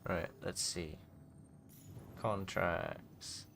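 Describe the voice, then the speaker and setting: Male streamer, casual rambler, low pitch, crisp forward tone. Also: fairly even intonation, very slow, fairly bright tone, slight background noise. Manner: rambling, chatty, swears casually. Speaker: game streamer. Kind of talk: casual chat while gaming.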